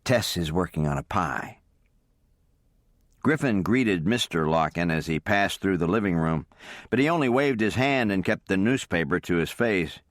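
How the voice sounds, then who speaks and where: Man, deep voice, calm audiobook narration, dry close-miked sound. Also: moderate pace, no room sound. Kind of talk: scripted narration.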